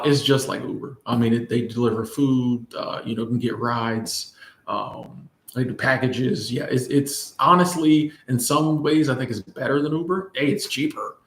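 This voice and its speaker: A man tells a story in a loose, rambling way, with lots of fillers and restarts. His voice sits at an ordinary middle pitch. The room around him echoes noticeably. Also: a bit bright. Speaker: vlogger. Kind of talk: casual storytime chat. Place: in Bangkok.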